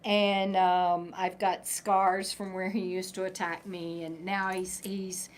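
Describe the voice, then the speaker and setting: A woman's voice: fairly low pitch, flat delivery, slow pace. A middle-aged woman chatting casually on a live stream, rambling and breaking off to talk to her dog. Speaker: vlogger reading live chat.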